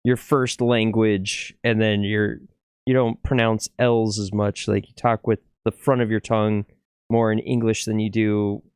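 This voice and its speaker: A man's voice: lowish voice, flat delivery, measured pace, darkish tone, smooth, dry recording, studio quality. A middle-aged man from California chatting casually, rambling and laughing easily as he talks. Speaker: podcast guest, musician. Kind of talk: casual chat.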